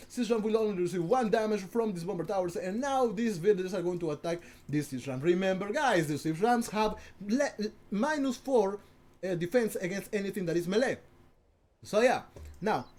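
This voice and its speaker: A man casting a strategy game with casual commentary, excitable and giggly, often stammering and restarting his sentences. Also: high voice. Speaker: game caster.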